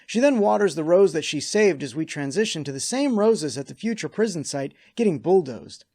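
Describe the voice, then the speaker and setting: A male host reads his scripted episode recap and drops in wry, sarcastic asides. His voice sits a bit higher than most men's. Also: lively intonation, a little fast, warm tone.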